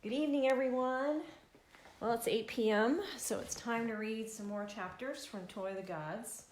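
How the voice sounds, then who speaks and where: A woman's voice: a little high, moderate pace, slight background noise. A woman reading her own novel aloud in an easygoing way, now and then restarting a word. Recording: echoey room.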